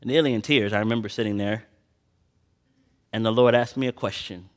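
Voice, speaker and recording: A man preaching a sermon, reading scripture slowly and swinging between loud emphatic passages and quiet personal asides. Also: fairly low pitch, fairly even intonation. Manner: slow drawn-out Bible reading.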